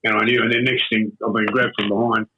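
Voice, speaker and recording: Husky older Australian man, phone-thin sound. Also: on the low side, little pitch movement, pushed and bright. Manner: rambling, halting, with many fillers and restarts. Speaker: interview guest. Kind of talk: casual storytelling. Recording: tinny phone-like audio.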